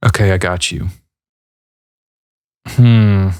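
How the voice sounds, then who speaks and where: A man in his thirties hosts a podcast, reading out listener questions and musing on them in an easygoing, meandering way. His voice sits low, and the sound is dry and close to the microphone. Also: steady tone, slow pace, dark tone, clear, resonant tone, dry recording. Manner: laid-back and rambling, with frequent fillers. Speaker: podcast host. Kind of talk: casual podcast chat answering listener questions.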